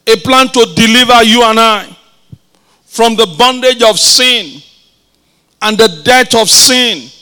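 A man's voice: extremely high pitch, sharp tone, smooth. A male pastor preaching a sermon, leading his congregation in call-and-response and repeating his phrases.

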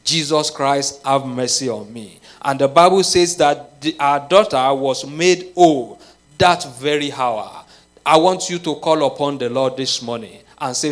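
A man's voice: mid-range voice, a little slow. A man preaching a sermon, leading the congregation in prayer and building to impassioned, repeated calls. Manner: rising to impassioned shouted prayer, repetitive cadence. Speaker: pastor.

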